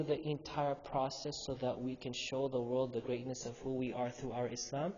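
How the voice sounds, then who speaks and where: A man's voice: mid-range voice, level tone, moderate pace, hardly any pauses, a little mellow. A male imam giving a youth sermon in a mosque hall. He tells a story with animation and asks the audience questions. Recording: dull, echoey hall recording with faint hum.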